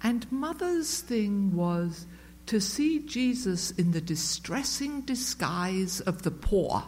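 A woman's voice: mid-range voice, expressive, slow pace, darkish tone. A woman sharing a personal story with a group at a meeting, chatty and self-mocking, with many fillers and restarts. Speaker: speaker sharing at a recovery meeting. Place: meeting room with a live audience.

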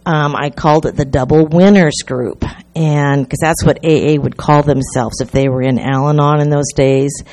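A woman's voice: low-pitched, steady tone, moderate pace, hardly any pauses, a little mellow. An older woman speaking at a recovery gathering, telling her story in a rambling, chatty way with many restarts. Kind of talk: personal storytelling talk.

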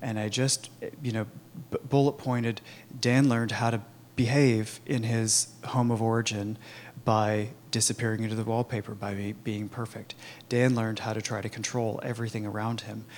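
A man telling his own recovery story in a candid, halting way, with many fillers and restarts. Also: lowish voice, level tone, darkish tone, slight background noise. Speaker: recovery program member sharing his story. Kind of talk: personal testimony, conversational.

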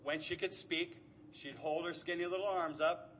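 Middle-aged man, recovery share, earnest storyteller, bright and slightly high voice. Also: fairly even intonation, normal speed, slight background noise. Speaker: speaker at a recovery meeting.

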